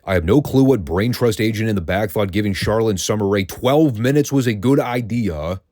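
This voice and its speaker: This man hosts a podcast reviewing wrestling, ranting sarcastically and profanely. His lowish voice is expressive and a little mellow, at a moderate pace, recorded clean in a studio with no room sound.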